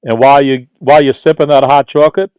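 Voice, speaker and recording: A middle-aged man from Brooklyn with a New York accent hosts a casual livestream as a tutor. He reads viewer questions aloud and answers them in an easygoing, chatty way. His voice is smooth and clear, mid-pitched, and recorded dry and close. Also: fairly even intonation, fast, a little mellow, dry recording.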